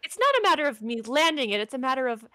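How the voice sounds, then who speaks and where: A woman playing a tabletop game, talking hesitantly and playfully with lots of ums. Her voice sits fairly high. The sound is dry and close. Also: very animated, quick pace, sharp tone, no echo. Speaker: player. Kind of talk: casual tabletop game play.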